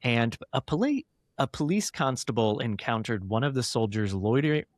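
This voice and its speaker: A male podcast host with a mid-range voice and a dry, close sound, walking through old cases step by step. He talks casually and warms up quickly, laughing easily. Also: mid-range voice, no echo. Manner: recounts cases in detail, animated, quick to laugh. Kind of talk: podcast chat, storytelling.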